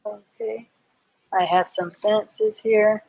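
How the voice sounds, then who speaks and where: A woman's voice: medium pitch, steady tone, slow, vocal fry, a little mellow, breathy edge. A woman teaching a live online reading class, patiently spelling words out letter by letter and explaining them simply.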